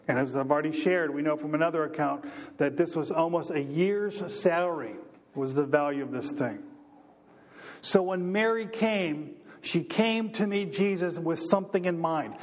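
A male pastor with a notably high voice delivers a sermon, stacking repeated phrases and rising in pitch and force as he drives each point home. His words ring out with a long reverb, as in a large church hall. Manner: preaching with building repetition, rising in pitch and force.

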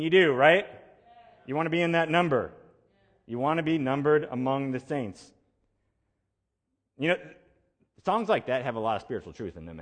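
Man preaching in a long-reverb hall. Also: medium pitch. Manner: conversational preaching with emphatic repetition. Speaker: pastor. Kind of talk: sermon.

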